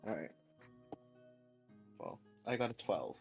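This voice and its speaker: A man's voice: fairly low pitch, big pitch swings, slow, creaky, soft background music. Unsure man player on a dull line. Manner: unsure, filler-heavy. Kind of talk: playing a tabletop game. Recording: dull lo-fi sound.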